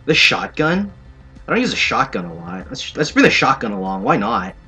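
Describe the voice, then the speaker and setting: A man's voice: medium pitch, big pitch swings, moderate pace, pushed and bright, breathy edge. Sarcastic young man playing a game. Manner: playful, sarcastic, jokey asides. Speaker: gaming commentator. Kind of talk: let's play commentary. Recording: faint game music behind.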